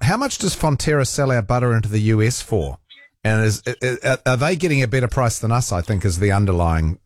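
A New man hosts talkback radio, chatty and joking, his pitch swinging widely. He is recorded close on a dry studio microphone. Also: no room sound. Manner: lively, chatty, jokey, prone to restarts. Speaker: radio host.

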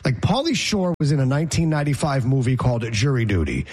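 Husky, sarcastic male podcast co-host. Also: mid-range voice, big pitch swings, fast talker, darkish tone. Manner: blunt, sarcastic, ranting. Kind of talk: casual chat.

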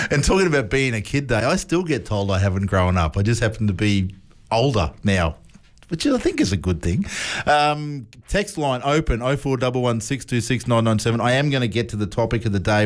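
A man hosts a radio show in easy, joking banter, laughing as he goes. His pitch rises and falls a lot as he talks, bouncing between topics. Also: very animated, normal speed. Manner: chatty, laughing, jokey.

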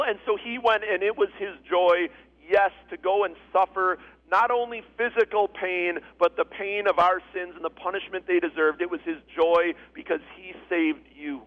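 Male pastor, high voice, earnest sermon, repeats key phrases, dull lo-fi sound. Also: normal speed.

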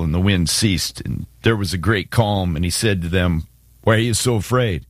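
Host, male, animated storyteller, dry studio sound. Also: on the low side, fairly quick, no echo. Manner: animated, acts out scripture quotes. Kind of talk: casual faith discussion.

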